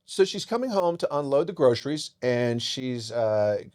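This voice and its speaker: Boisterous man, podcast guest, animated storytelling, casual chat. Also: mid-range voice, moderate pace. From Seattle area.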